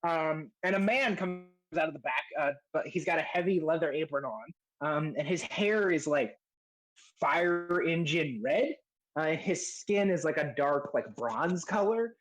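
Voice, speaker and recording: A man's voice: on the high side, animated, measured pace, poor audio. Hesitant male game master. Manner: hesitant, many fillers and restarts. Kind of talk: narrating a tabletop game.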